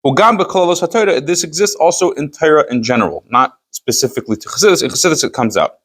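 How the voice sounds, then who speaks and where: In a quick, expressive delivery, a man with a slightly high, somewhat bright and slightly rough voice teaches a Chassidus class as a rabbi. He reads from the Hebrew and then explains it in English, firing off emphatic rhetorical questions as he translates the text for Torah study.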